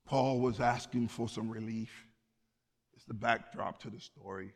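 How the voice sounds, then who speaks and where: A man's voice: on the low side, fairly even intonation, normal speed, creaky, breathy edge. A man preaching a sermon as pastor, speaking with passion and building to emphatic peaks. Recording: long hall reverb.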